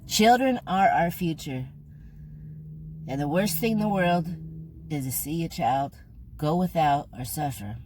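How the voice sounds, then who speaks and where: A woman's voice: low voice, lively intonation, unhurried, long pauses, darkish tone, a little hiss or hum. An older woman with a Californian accent talking earnestly to camera in a vlog, slangy and emphatic, getting choked up. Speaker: food vlogger. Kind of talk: casual heartfelt talk to camera.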